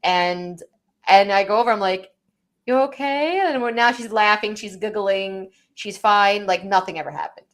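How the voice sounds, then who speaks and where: A woman's voice: medium pitch, moderate pace, fairly bright tone. A young woman co-hosting a casual podcast, telling a parenting story with many "like"s and quoted lines. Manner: storytelling, quoting her toddler with lots of "like". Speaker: podcast co-host. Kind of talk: casual chat.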